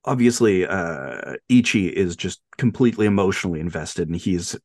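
Animated man retelling a film. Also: low voice, normal speed, no room sound, clean studio sound. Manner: animated retelling, acts out quotes in a raised voice. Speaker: podcast co-host. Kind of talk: casual film discussion.

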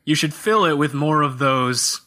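A man co-hosting a casual gaming podcast, jokey and animated, often slipping into silly voices. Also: fairly high pitch, moderate pace. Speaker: podcast co-host.

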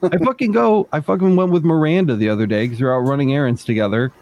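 A man's voice: fairly high pitch, fast, lo-fi sound. A man co-hosting a podcast, ranting with lots of swearing in casual chat. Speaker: podcast co-host.

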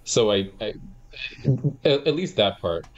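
A man co-hosting a casual film review chat, halting and searching for words. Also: lowish voice, sing-song, dull audio. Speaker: podcast co-host.

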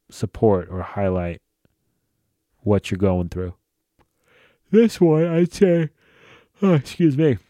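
A man talks through a casual solo podcast in a low, mellow voice that sounds a little tired. He speaks bluntly and swears freely in a loose, conversational way. The sound is dry and close. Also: no room sound. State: tired, yawning. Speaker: podcast host.

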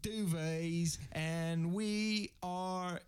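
A man's voice: high voice, steady tone, extremely slow, clean tone. Man doing a blustering, cursing space commander. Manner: blustering, profane, bursts into shouting. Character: hot-tempered male space station commander. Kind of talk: improvised comedy sketch.

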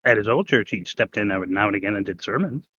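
A man co-hosting a podcast, chiming in with quick asides in casual chat. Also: on the low side, animated, bright, forceful tone, breathy edge, no room sound, muffled recording. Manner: chimes in with short quips and asides. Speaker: podcast co-host.

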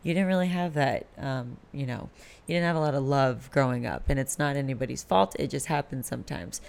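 Late-20s woman, solo podcast host, candid and rambling, some vocal fry. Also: very deep voice, a little fast, darkish tone. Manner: candid and rambling, frequent swearing.

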